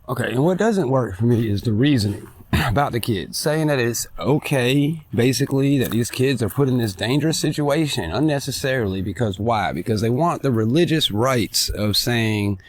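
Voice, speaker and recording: A man of middling pitch delivers a blunt, profane rant, pressing his points hard. He talks while walking outdoors in a park, slightly out of breath, with faint noise in the background. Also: a little mellow. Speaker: podcast host. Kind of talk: ranting monologue. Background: faint traffic and kids.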